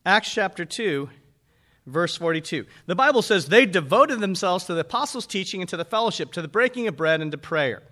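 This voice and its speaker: A man preaches a sermon in a fairly high voice. He talks to his listeners in a conversational way and keeps asking them rhetorical questions. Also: lively intonation, a little fast, bright, forceful tone. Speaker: pastor.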